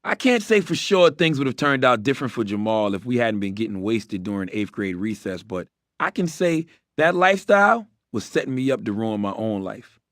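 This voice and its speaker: A man's voice: mid-range voice, big pitch swings, moderate pace, a bit bright, dry recording, clean studio sound. A middle-aged man narrating his memoir in a candid, wry storytelling manner with blunt, profane asides.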